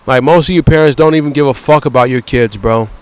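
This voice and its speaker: A man's voice: mid-range voice, fast talker, smooth, dry recording, poor audio. A man ranting bluntly in a vlog, swearing constantly and repeatedly tagging his phrases with "bro.". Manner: profane, repetitive, ends phrases with "bro"; blunt and heated. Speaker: vlogger. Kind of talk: angry rant vlog.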